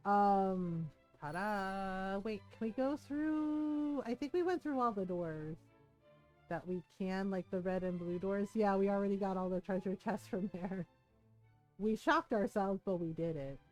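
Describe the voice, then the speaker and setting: A woman's voice: medium pitch, measured pace, faint music behind. A woman streaming a game, chatting casually and laughing as she plays. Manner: chatty, laughing, animated impressions. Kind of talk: casual live-stream commentary.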